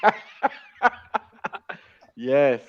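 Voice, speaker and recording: A man's voice: very slow, muffled recording, slight background noise. A man hosting a live stream, bantering casually with friends and laughing, repeating words for fun.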